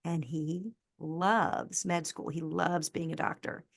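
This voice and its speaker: A woman in her fifties with an American accent, a podcast guest telling personal stories in an earnest, animated way. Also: low voice, takes it slowly, creaky, no room sound, studio quality. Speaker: podcast guest, resilience speaker. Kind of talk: conversational interview storytelling.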